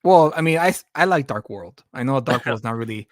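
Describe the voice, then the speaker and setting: A man's voice: medium pitch, lively intonation, brisk, no room sound, studio quality. A man hosting a casual live-stream chat, rambling and restarting his sentences with repeated words. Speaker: podcast host and comic creator.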